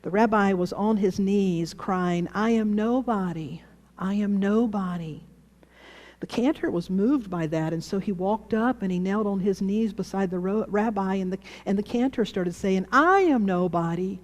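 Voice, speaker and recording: Mellow-voiced woman minister preaching. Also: mid-range voice, in a large hall. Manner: storytelling, acting out quoted voices, slowing for emphasis. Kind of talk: sermon with told stories.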